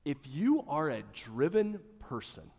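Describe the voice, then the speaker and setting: A man preaching a sermon as pastor, animated, swinging between loud emphasis and hushed lines. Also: a little high, a little slow, in a large hall.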